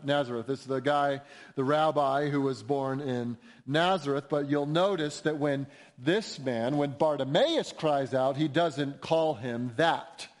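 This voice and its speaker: A man preaching an expository sermon, emphatic and building intensity at key points. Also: fairly high pitch. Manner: emphatic, rising to near-shouts when quoting cries. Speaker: pastor.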